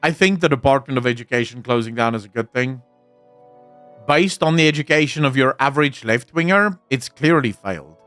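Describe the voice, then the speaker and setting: A man's voice: mid-range voice, fairly quick, a bit bright, no echo, faint music behind. A man chatting casually on a livestream, answering his chat, rambling and opinionated with frequent restarts.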